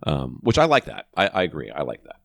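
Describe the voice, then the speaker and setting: A man co-hosting a podcast, chatting casually in a relaxed way. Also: a bass voice, quick pace, gravelly, no echo. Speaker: podcast co-host.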